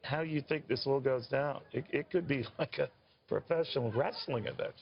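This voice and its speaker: A male TV news host in a medium voice, chatting through a live interview. He builds things up dramatically and drops quick quips, and the audio is dull and lo-fi. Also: medium pitch, creaky.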